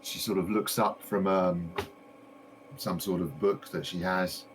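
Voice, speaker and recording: A man's voice: sits low, steady tone, measured pace, background noise. A man running a tabletop game as game master, narrating with many hesitations and fillers.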